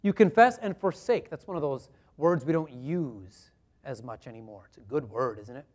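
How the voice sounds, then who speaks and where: A man's voice: medium pitch, expressive, normal speed, a little mellow. A male pastor preaching a sermon in an earnest, conversational way, often asking the listeners rhetorical questions.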